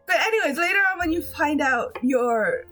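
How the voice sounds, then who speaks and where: A high-pitched woman streamer talks in a loose, casual chat. She gushes and giggles and keeps restarting her sentences. Soft music plays quietly behind her. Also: animated, normal speed. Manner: gushing, giggly, rambling with many restarts. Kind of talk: casual chat recapping a game.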